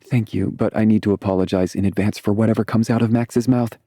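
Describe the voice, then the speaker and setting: A man's voice: fairly low pitch, fairly even intonation, fast, warm tone, dry recording, clean studio sound, pitched above the performer's own voice. A man voicing a young woman who sounds lightly exasperated.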